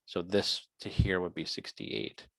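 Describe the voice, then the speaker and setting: A man's voice: sits low, sing-song, measured pace, gravelly, dry recording. A man lecturing on biology in an online class, working through quiz questions and thinking aloud in a chatty way.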